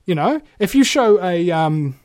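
Animated New man telling jokes. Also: high-pitched, unhurried, no echo, studio quality. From New Zealand. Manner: joking, animated storyteller. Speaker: guest. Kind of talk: casual conversation.

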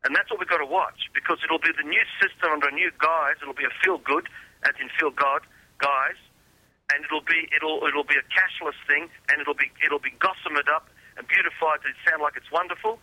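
A man's voice: fairly high pitch, fairly even intonation, a little fast, pushed and bright, no room sound, poor audio. A man talking insistently in a casual conversation, repeating and restarting words as he presses his points. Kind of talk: conspiracy talk.

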